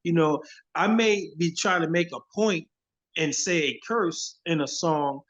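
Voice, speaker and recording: A hip hop artist speaking as an interview guest over a phone video call, preachy and emphatic, often repeating himself. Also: male voice, fairly high pitch, a little slow, fairly bright tone. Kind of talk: casual interview. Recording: dull lo-fi phone audio.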